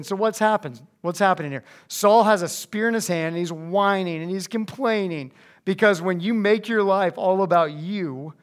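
A young man giving a casual, animated sermon to high school students, slipping into voices as he reads scripture. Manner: animated, conversational, acts out voices when reading scripture. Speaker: youth pastor. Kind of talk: youth sermon.

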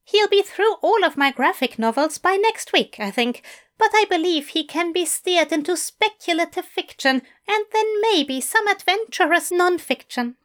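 A woman's voice: extremely high pitch, lively intonation, normal speed, fairly bright tone, voice pushed up. A woman voicing a fussy, courteous male English teacher who talks in a formal, effusive way. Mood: eager.

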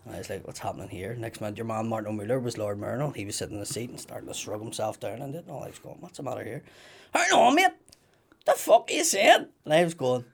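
A man's voice: lowish voice, very fast, gravelly, few pauses. A man, a comedian telling stories in casual chat and acting out other people's voices. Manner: animated anecdotes, acts out voices loudly.

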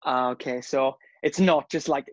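A man's voice: medium pitch, normal speed, no echo. A young man, a guest on a casual podcast over a video call, laid-back and rambling, often calling his host "mate". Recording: slightly dull video call audio.

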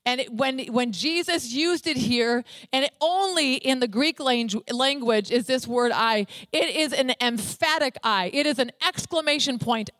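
A woman delivers a sermon in a voice pitched a little high, pressing hard on single words, repeating them and spelling them out. The sound is dry, with no room around it. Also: unhurried, hardly any pauses, fairly bright tone, dry recording. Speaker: preacher.

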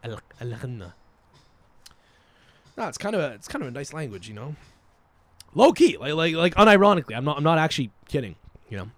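Podcast host, young man, slightly high voice, rambling profane banter, dry close sound. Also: big pitch swings, fast talker, fairly bright tone, no echo. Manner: profane, joking, laughs often; scattered, many fillers and restarts. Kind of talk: casual rambling podcast chat.

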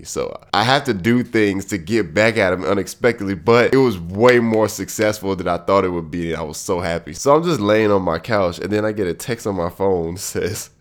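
Congested deep-voiced male podcast host. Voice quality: nasal. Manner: loose, profane, joking. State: congested from a cold. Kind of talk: casual monologue.

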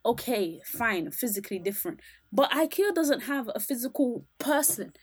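A woman's voice: fairly high pitch, lively intonation, normal speed, darkish tone, husky. A woman chatting on a podcast, telling complaint stories animatedly and acting out her own phone calls. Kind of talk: casual podcast chat.

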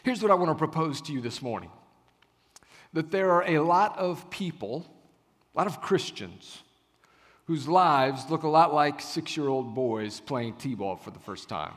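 A man in his thirties, a pastor telling a family story in a sermon, acting out the dialogue with lively storytelling. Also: fairly high pitch, unhurried. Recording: long hall reverb.

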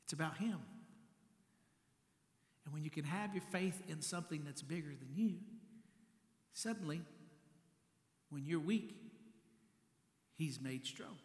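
A man preaching a sermon as pastor, swinging between quiet passages and loud, high shouts. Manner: preaching with big swings in pitch and volume, rising to shouts. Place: church sanctuary. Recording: echoey church hall with long reverb.

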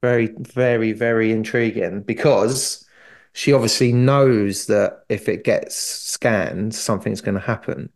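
Gravelly-voiced man joking around. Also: lowish voice, fairly even intonation, measured pace. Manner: jokey, laughs often, says "mate". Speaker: podcast co-host. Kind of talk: casual chat about a TV series.

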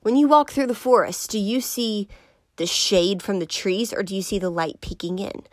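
A young woman from Georgia talks through a reflective personal monologue in an earnest voice. She often sinks into a soft whisper to stress a point. The sound is close and dry, with no room echo. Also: mid-range voice, moderate pace.

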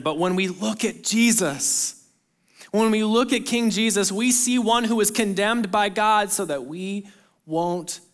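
Man pastor, sermon, unhurried delivery, smooth clear voice, bursts of emphasis then quiet. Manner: earnest preaching, rises to emphatic bursts then drops soft and low; direct address to the congregation.

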